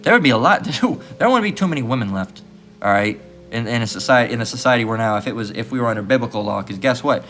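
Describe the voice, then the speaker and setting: A man's voice: medium pitch, expressive, quick pace, a bit bright. Blunt, crude preaching man with faint music. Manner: blunt, crude, repeats "all right?" constantly. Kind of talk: profane street preaching rant.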